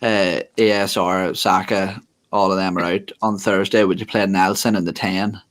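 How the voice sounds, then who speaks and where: A man's voice: low-pitched, little pitch movement, moderate pace, a bit bright. A man co-hosting a football podcast in casual chat, blunt and opinionated, swearing now and then. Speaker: podcast co-host.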